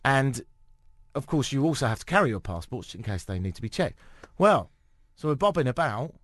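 A man's voice: mid-range voice, sing-song, brisk, fairly bright tone, no echo. A British man hosting a radio talk show, telling a self-mocking story with acted-out quotes in a casual chat. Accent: British English. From Britain.

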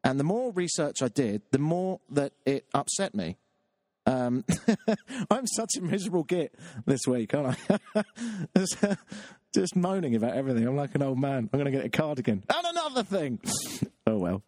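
A man's voice: lively intonation, normal speed, a little mellow, no room sound, clean studio sound. Exasperated British man ranting on his show. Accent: British English. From Britain. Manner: exasperated, self-mocking, jumps into a high squeaky voice when riled. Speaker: show host. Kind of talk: comic monologue rant. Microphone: webcam setup.

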